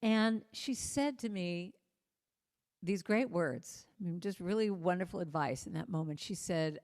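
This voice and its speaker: A woman with an American accent giving a spiritual talk. She speaks gently and earnestly, slowing down on key phrases. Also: lowish voice, big-room sound. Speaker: musician and inspirational speaker. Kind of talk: spiritual talk with sung chant.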